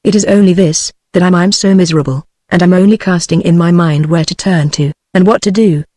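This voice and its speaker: A British woman text-to-speech voice reading the part of a gentle, feeble and miserable young man, without changing voice. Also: on the low side, brisk, dry recording, clean studio sound, lightly acted. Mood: pleading. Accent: British English. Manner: plain synthetic reading, no change of voice.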